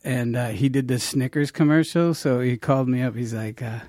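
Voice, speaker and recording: A man's voice: medium pitch, fairly even intonation, fairly quick, a little mellow, dry recording, studio quality. A middle-aged man telling stories as a comedian guest in a casual interview, rambling and laughing, with frequent restarts.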